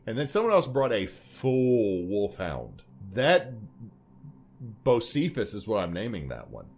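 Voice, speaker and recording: A man's voice: fairly low pitch, wildly swooping pitch, a little slow, a little mellow. A man co-hosting a podcast in casual chat, rambling and joking as he talks. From Louisiana. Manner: rambling, joking, puts on silly voices. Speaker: podcast co-host.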